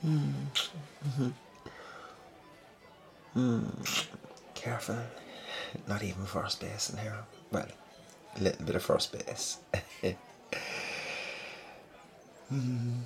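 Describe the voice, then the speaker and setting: A young man in a soft-spoken boyfriend role-play, talking to the listener in a gentle, teasing, affectionate way that sometimes sinks into breathy murmurs. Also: mid-range voice, very slow, pauses often, faint music behind.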